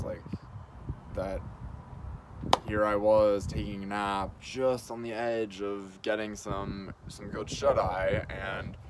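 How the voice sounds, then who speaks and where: A man talking casually to camera in a halting way, with many pauses and fillers. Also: fairly low pitch, noisy background. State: groggy and short on sleep. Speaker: video blogger. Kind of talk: casual spoken monologue to camera.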